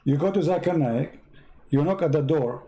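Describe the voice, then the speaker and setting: Brief: a mocking male commentator with a soft, mellow voice and broken English. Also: on the high side, moderate pace, a little hiss or hum. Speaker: online religious debater. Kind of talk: sarcastic commentary.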